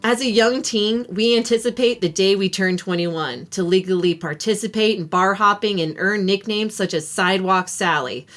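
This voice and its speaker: A woman hosting a podcast interview, chatty and quick to laugh as she tells stories. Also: mid-range voice, fairly bright tone, faint music behind. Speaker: podcast host. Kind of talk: casual podcast interview chat.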